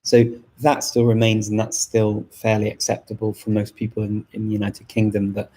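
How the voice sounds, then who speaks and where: A middle-aged man from Liverpool with a softened northern English accent, talking casually and thoughtfully to viewers in a live stream, with frequent restarts. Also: fairly low pitch, monotone, normal speed, low-quality recording. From Liverpool, England. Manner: thoughtful, many restarts and fillers. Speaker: language channel host.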